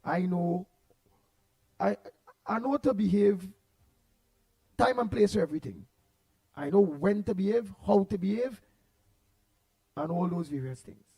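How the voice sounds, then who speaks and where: A Trinidadian man hosting a morning call-in radio show, loud and passionate as he greets listeners one by one by name. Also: high voice, expressive, unhurried, long pauses, no echo.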